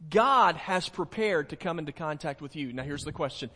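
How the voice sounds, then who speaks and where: A male pastor, preaching a folksy sermon that jokes with the congregation and slows down for emphasis. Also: on the high side, bright, forceful tone. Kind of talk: sermon with a told joke. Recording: long hall reverb.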